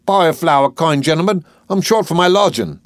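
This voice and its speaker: A man's voice: animated, brisk, no echo, clean studio sound, close to an everyday voice. A man reading an audiobook, voicing a poor young flower girl, wailing and protesting in a raised voice. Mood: pleading. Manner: wailing, high-pitched protests.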